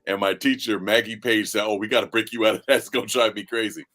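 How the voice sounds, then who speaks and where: A man from San Francisco, a bass singer, telling stories in a relaxed, animated way and laughing as he talks. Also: fast. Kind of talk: casual interview storytelling.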